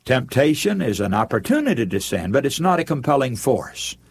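A man's voice: medium pitch, big pitch swings, normal speed, gravelly, breathy edge. A man preaching a sermon in an earnest manner, addressing his listeners as friends.

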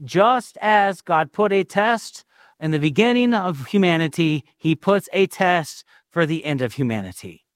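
Man, pastor, sermon, slow deliberate delivery, slightly high voice, dry sound. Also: expressive, no room sound. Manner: slow, earnest preaching with emphatic rises. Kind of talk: sermon with personal testimony and prayer.

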